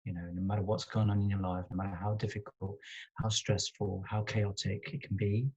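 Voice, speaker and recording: Calm, low London man, husky. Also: muffled recording. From Britain. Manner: calm, soothing and unhurried. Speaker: guest healer. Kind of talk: casual video-call interview. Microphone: video call.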